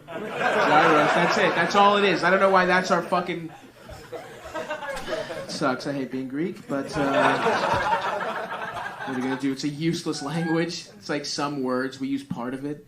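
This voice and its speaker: A man's voice: on the high side, moderate pace, pauses often. A man doing stand-up on stage, rambling through profane, self-deprecating crowd work. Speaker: stand-up comedian. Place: comedy club stage. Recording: live comedy club with crowd noise.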